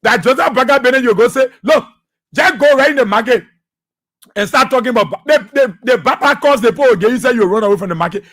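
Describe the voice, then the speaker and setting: High-voiced Liberian radio host, mocking. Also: male voice, fast talker, a bit bright. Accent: Liberian English. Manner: laughs often, mocking and preachy, repeats phrases. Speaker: radio talk show host. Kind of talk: political commentary talk radio.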